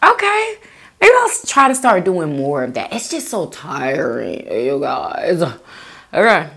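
A young woman hosts a food video and chats casually while she reads out comments from her viewers. Her pitch swings widely and brightly from low murmurs up to high squeals. She laughs often and talks in easygoing slang. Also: wildly swooping pitch, measured pace, vocal fry, husky. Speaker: mukbang host reading viewer comments. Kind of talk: casual chat reading out comments.

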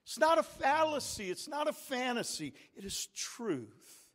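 Male pastor, high-pitched, unhurried sermon delivery with call-and-response, long church reverb. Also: sing-song, fairly bright tone. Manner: preaching with call-and-response, rising to emphatic peaks. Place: large church sanctuary.

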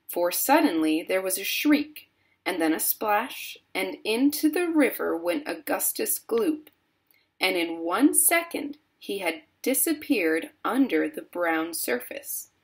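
A woman reading a children's book aloud slowly and expressively. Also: medium pitch. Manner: slow, steady, expressive reading. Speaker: storyteller.

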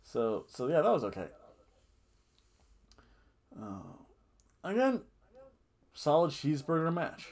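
A man hosting a casual wrestling review podcast, rambling and animated, often laughing and booing in mock outrage. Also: a little high, takes it slowly, pauses often. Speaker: podcast host.

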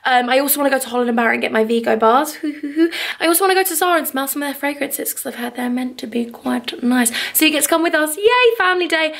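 A young woman talks to her vlog camera in her living room. Her voice sits a touch high, and she gushes with upbeat emotion, a little teary as she goes. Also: fast talker, gravelly, few pauses. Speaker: vlogger. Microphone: handheld vlog camera.

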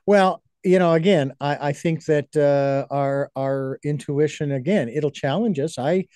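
A man hosting an interview, speaking in a measured, reflective way with many pauses. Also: on the high side, darkish tone, clear, resonant tone, no echo. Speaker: host. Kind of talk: casual interview chat.

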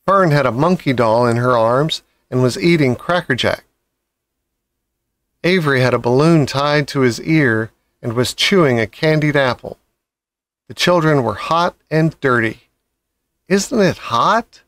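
A man reading a children's novel aloud with calm, measured storybook narration. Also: mid-range voice, dry recording. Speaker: audiobook reader.

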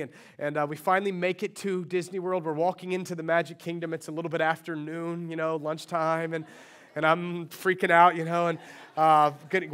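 A middle-aged male pastor preaching a sermon in a church, telling a story with lively acted-out dialogue. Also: on the high side. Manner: animated storytelling, acting out dialogue. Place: church sanctuary.

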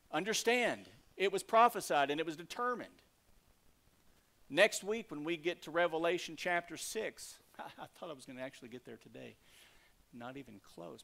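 Man, pastor, sermon in a church, emphatic preaching, soft asides, fairly high voice. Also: vocal fry. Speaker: lead pastor. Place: church sanctuary.

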